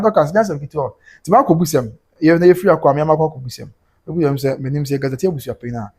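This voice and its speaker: A Ghanaian man hosting a livestream talks quickly in a somewhat high voice. He jumps between Twi and English as he reads out viewer comments. His delivery is animated throughout. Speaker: host.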